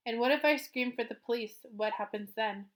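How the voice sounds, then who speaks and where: A woman's voice: on the high side, moderate pace, close to an everyday voice. A woman reading as a guarded, questioning young girl. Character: young girl, startled but steady.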